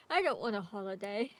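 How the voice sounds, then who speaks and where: A woman voicing a male creature pal who happily keeps working, in a quiet, flat, matter-of-fact way. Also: mid-range voice. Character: tireless male creature pal, cheerfully obsessed with work.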